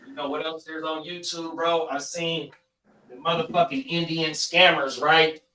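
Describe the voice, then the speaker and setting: A male podcast host with a high-pitched voice, chatting loosely. His talk is full of slang and cursing, and he stays animated throughout. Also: normal speed. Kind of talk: casual chat.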